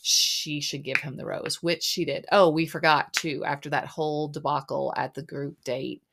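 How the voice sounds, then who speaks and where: Casting note: woman podcast host with a low voice, chatty, rambling, filler-heavy. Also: level tone, normal speed, vocal fry, a bit bright, a little hiss or hum. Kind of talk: casual chat recapping a reality show.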